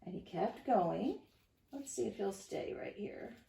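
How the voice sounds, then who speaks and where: Lady doing storytime for little kids, bouncy sing-song voice, bit of gravel, echoey room. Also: mid-range voice, unhurried. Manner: animated, sing-song, questioning the listeners. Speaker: teacher reading to children. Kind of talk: storytime lesson for young children. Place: at home.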